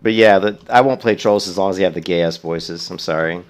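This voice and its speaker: A man's voice: sits low, fairly quick, soft background music. A man streaming a video game, chatting casually in a rambling, profane way. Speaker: let's play streamer. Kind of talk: casual gaming commentary.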